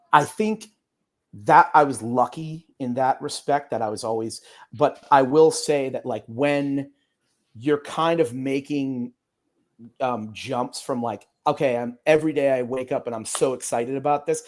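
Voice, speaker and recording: A man's voice: medium pitch, a little mellow. A man, an attorney guest on an interview podcast, talking casually in a rambling way with many fillers and restarts.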